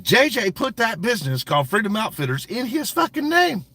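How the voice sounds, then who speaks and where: A man with a somewhat high voice hosts a casual livestream rant, speaking straight to his chat. He is brash, profane and mocking, and he laughs often as he talks. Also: wildly swooping pitch, brisk, bright, forceful tone. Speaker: livestream host.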